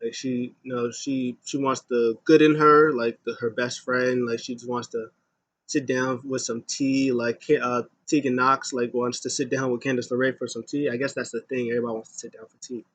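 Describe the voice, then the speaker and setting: A man's voice: medium pitch, flat delivery, a bit bright, breathy edge. Rambling young man recapping wrestling. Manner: rambling, many fillers, paraphrases with quick voices. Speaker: wrestling show reviewer. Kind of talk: casual recap.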